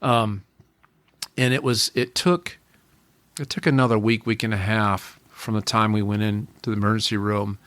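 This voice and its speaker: Low-voiced man telling an earnest story. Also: fairly even intonation, moderate pace, fairly bright tone, clear, resonant tone, no room sound. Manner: earnest, repeats and restarts phrases. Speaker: podcast guest. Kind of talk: personal storytelling.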